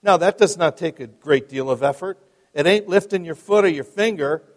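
Man playing a humble Essex lay preacher, high and fervent, pleading loudly, reverb-heavy hall. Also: moderate pace, close to an everyday voice. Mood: earnest. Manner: fervent, repetitive exhortation, rising to shouts. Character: uneducated working-class male lay preacher, pleading.

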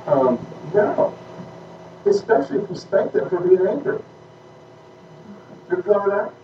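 A man's voice: high voice, big pitch swings, measured pace. Man, church teacher, emphatic, conversational, muffled distant recording with background noise. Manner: emphatic, conversational, checks understanding with "okay?". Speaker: pastor teaching a class on parenting. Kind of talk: informal teaching talk with questions. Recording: echoey room, distant mic, muffled, noisy.

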